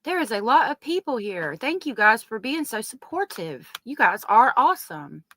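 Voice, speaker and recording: A woman's voice: on the high side, sing-song, moderate pace, sharp tone. A woman with a Southern US accent hosting a casual true crime live stream, chatting and greeting viewers by name.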